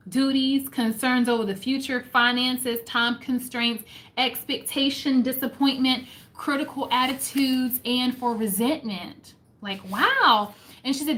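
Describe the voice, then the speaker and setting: A woman hosting a casual livestream book recap, lively and exclamatory, reading passages aloud and reflecting on them. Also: high voice. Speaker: host of a faith book chat livestream.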